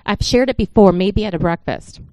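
A woman's voice: mid-range voice, brisk, darkish tone, clear, resonant tone, no echo. A woman giving an informal sermon, talking in an earnest, conversational way and telling a story to the congregation. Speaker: church speaker.

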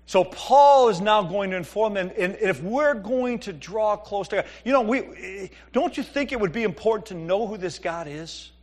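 Preaching with few pauses at a normal speed, the middle-aged man has a high-pitched, expressive voice. He reads scripture and spins jokey tales about his family in a conversational manner.

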